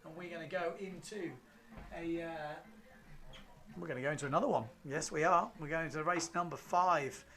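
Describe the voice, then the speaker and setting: A man commentating live on a windsurf race, reading out results in a relaxed, chatty way with fillers. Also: fairly high pitch, moderate pace.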